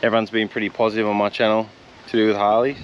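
A man's voice: on the low side, flat delivery, very fast, muffled recording. A young Australian man chatting casually in a laid-back way as he vlogs outdoors on a windy day. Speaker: vlogger. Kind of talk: casual vlog chat. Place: outdoors by the road and beach, windy. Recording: outdoor noise from wind and traffic.

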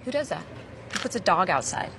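A woman's voice: sing-song, fairly quick, gravelly, background noise. Dramatic indignant woman in a sketch. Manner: indignant, dramatic, shrill outbursts. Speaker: comedy sketch actor. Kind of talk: comedy sketch dialogue.

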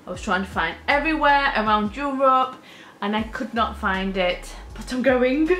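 A woman in her thirties chatting excitedly about a song she just watched, gushing and breaking into giggles. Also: on the high side, moderate pace, reverberant, a little hiss or hum. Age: 30s. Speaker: music reaction YouTuber. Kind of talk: excited casual reaction chat.

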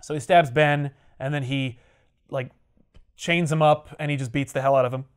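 A man's voice: mid-range voice, fairly even intonation, normal speed, clean tone. A man casually recapping a comic book story, acting out characters' lines as he goes. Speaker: podcast host.

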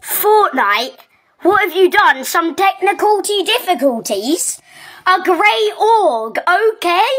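A woman putting on a British accent to play a mock-serious game announcer, with drawn-out, exaggerated meme delivery. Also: very high-pitched, big pitch swings, a bit bright, exaggerated voice. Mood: mock dramatic.

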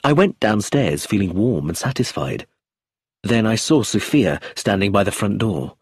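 A male narrator reads a story in a low, husky, breathy voice. His pitch moves a lot as he tells it. The recording is close and dry. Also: big pitch swings, moderate pace, no room sound. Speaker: audiobook narrator.

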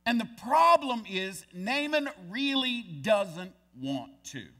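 A man's voice: sits high, big pitch swings, takes it slowly, bright, forceful tone. A male pastor preaching a sermon, reading scripture aloud and then pressing his points with growing emphasis. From United States.

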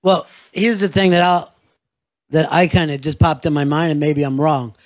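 Radio host guy, kinda high voice, blunt and earnest, cussing casually. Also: steady tone, moderate pace. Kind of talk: interview conversation. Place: comedy club.

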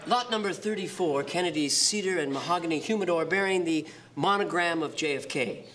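A comic performer playing an auctioneer who runs bids with brisk patter. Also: medium pitch, background noise. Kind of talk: comic sketch.

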